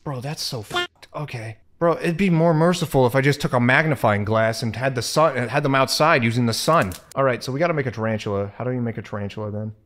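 A man's voice: medium pitch, fast, hardly any pauses, fairly bright tone. A young man talks through a video game in casual let's-play style. He is jumpy and squeamish, often groaning, muttering and swearing at the screen. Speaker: gaming video creator.

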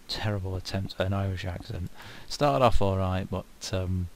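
A man's voice: low voice, normal speed, a little hiss or hum. A man with a Yorkshire accent giving chatty, self-mocking commentary as he plays a video game. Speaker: let's play host. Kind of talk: casual gameplay commentary.

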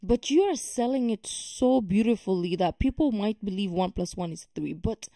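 A woman's voice: mid-range voice, expressive, moderate pace, hardly any pauses, warm tone, no echo, clean studio sound. A woman hosting a reaction video, talking casually and emphatically with many fillers and exasperated remarks.

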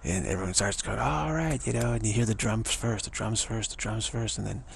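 A man with a deeply gravelly, fry-laden voice sitting a little low in pitch talks to his audience in a loose, meandering way. He circles back on his own phrases and drops into playful scat-like asides, with a faint hiss behind him. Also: fairly even intonation, a little fast. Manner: loose, repetitive, drum-like scatting and asides. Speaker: speaker addressing an audience. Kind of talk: casual rambling monologue.

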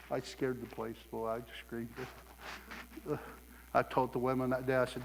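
A middle-aged man from Southeast Ohio preaching a sermon, telling stories with lively acted quotes and laughter. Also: medium pitch, moderate pace, in a large hall.

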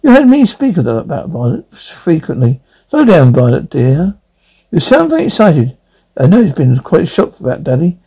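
Man putting on a high, swooping snobbish lady, affected posh diction, gravelly, husky. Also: huge pitch swings, moderate pace, warm tone, heavily acted, poor audio. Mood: fussy. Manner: affected genteel refined diction, self-important. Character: snobbish fussy middle-aged woman, social climber. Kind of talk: one-man comedy radio reenactment.

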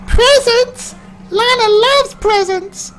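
A man putting on a squeaky childlike little girl creature. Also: unhurried, pushed and bright, a little hiss or hum, heavily acted. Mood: excited. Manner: squealing, speaks of herself in third person.

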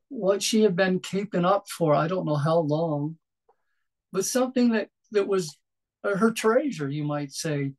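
Gentle, reflective male preacher. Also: high voice, low-quality recording. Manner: gentle, reflective, with frequent pauses and restarts. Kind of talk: sermon.

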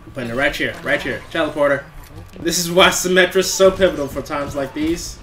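A man's voice: a little high, a little fast, fairly bright tone. A man commenting on his own game as he plays, taunting opponents, swearing and laughing. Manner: trash-talking, taunting, swearing; playful, laughing. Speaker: gamer. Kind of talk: casual gameplay commentary.

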